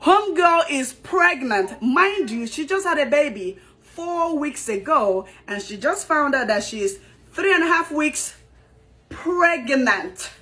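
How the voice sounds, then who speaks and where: A woman's voice: high-pitched, lively intonation, measured pace, pushed and bright. A woman giving dramatic reaction commentary, exclaiming and laughing as she talks.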